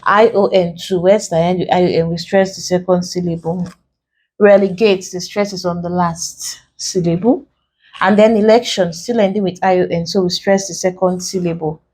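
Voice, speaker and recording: Leading an online exam class, this woman from Nigeria speaks Nigerian-accented English and goes through each answer methodically, one step at a time. Her voice is on the low side and a little mellow, with fairly even intonation.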